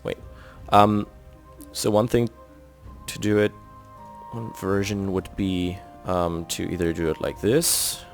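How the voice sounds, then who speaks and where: Speaking slowly with a low voice and fairly even intonation, this German-accented man from Germany talks casually while building in a game. As host, he reasons out loud and explains every step, with faint background music underneath.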